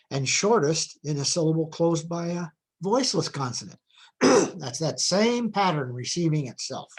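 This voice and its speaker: A middle-aged man giving a recorded phonology lecture, explaining patterns in a measured way and often correcting himself mid-sentence. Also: fairly high pitch. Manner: measured explanatory delivery with frequent self-corrections.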